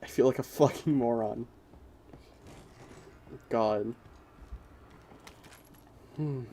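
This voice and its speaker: A young man riffs casually while streaming a game, full of crude jokes and constant swearing. His voice is mellow and relaxed, set at an everyday middle pitch, and he keeps poking fun at himself. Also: drawn-out words, slight background noise. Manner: crude, joking, swears often; self-mocking, giggly banter. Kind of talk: casual gaming commentary.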